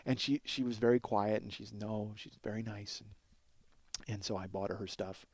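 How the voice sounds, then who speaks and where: A man who hosts a podcast, telling a comic story in a profane, excitable way full of stammered restarts. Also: on the low side, moderate pace, no room sound. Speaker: podcast host and comedian.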